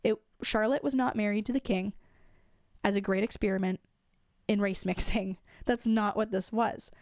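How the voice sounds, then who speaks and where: A woman casually giving her opinions on a TV show in a flat, dry tone, sounding a little worn from being sick, with frequent "um"s and "like"s. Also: mid-range voice, normal speed, no echo. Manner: frequent fillers like "um" and "like". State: recovering from illness. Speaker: podcast host reviewing a TV show.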